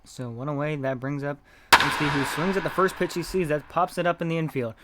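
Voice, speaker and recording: A man doing live play-by-play commentary of a game, reading chat messages between pitches, his voice not feeling well. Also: steady tone, brisk, very noisy. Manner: reads chat messages between calls, gets loud on big hits.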